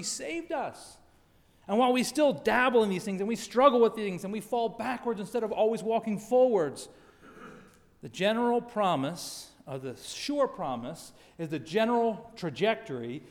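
A middle-aged man preaching a sermon, reading scripture emphatically and dropping to quiet asides. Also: high-pitched. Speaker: pastor. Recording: long hall reverb.

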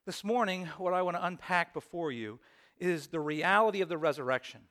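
A man's voice: high-pitched, expressive, a little fast, fairly bright tone. A man preaching a sermon as pastor, reading scripture, praying and telling stories in an earnest, emphatic way.

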